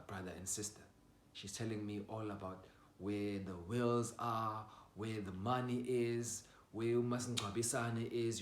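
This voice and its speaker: A young man telling a personal story in a casual way. He swings from loud outbursts to low mutters and swears freely. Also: slight background noise. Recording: roomy echo.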